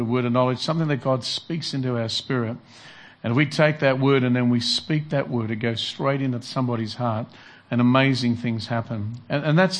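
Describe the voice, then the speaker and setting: A man preaching earnestly in a sermon, reflecting on a story and repeating his key phrases. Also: medium pitch. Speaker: pastor.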